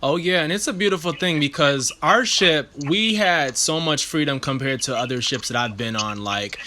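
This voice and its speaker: A man hosting a podcast in casual chat, with a Southern twang, easygoing and quick to laugh. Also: on the high side. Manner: relaxed, laughs often, mocks voices playfully. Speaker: podcast host. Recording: noticeable background noise.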